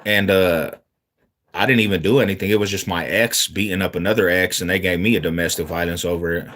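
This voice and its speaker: A man from Denver chats on a livestream in a low voice with a bright, forceful edge. He reads viewer comments aloud and answers them in loose, slangy street talk. His delivery stays easygoing throughout. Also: steady tone, fairly quick. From Denver, Colorado. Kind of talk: casual livestream chat.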